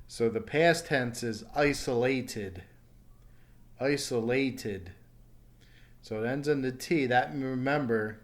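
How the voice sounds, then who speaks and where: A man teaching English pronunciation in a recorded online lesson, slowly repeating each word clearly and patiently. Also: mid-range voice. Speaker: ESL teacher.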